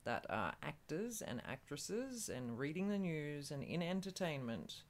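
Lively Australian man bantering. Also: fairly high pitch, measured pace. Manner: animated, playful, argumentative. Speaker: co-host. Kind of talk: casual podcast chat.

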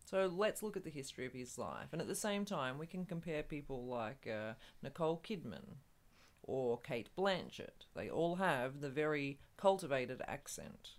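An Australian man co-hosts a casual podcast, arguing playfully with his partner. His voice sits a little high and swings animatedly up and down. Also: animated, normal speed. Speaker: co-host.

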